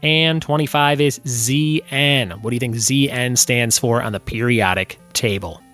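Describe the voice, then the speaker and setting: A man's voice: medium pitch, a little slow, a bit bright, soft background music. A young man hosting a solo trivia podcast, reading quiz clues and answers with chatty, self-deprecating asides.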